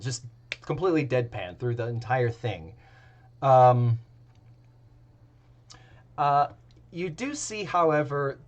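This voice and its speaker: Slow, rambling male game master. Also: medium pitch. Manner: rambling, filler-heavy narration. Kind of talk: narrating a tabletop game.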